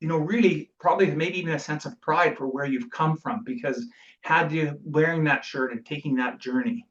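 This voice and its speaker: A man hosts the podcast, warmly affirming his guest before rolling into long, reflective questions. He sounds set back from the microphone, and the audio is dull and lo-fi. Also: fairly high pitch, moderate pace. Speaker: podcast host. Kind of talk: interview questions. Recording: distant, dull lo-fi mic.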